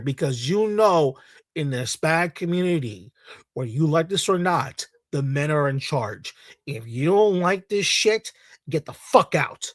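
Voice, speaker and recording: A man's voice: fairly high pitch, animated, normal speed, no room sound, clean studio sound. A man from Latin America delivering a heated, profane rant to camera as a video commentator, repeating himself and swearing often.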